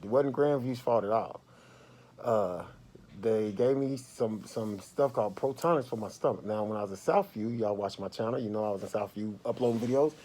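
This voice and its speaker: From a hospital bed in a hospital room, a man vlogs a casual, animated story to his viewers at normal speed. His voice swings between low murmurs and loud outbursts.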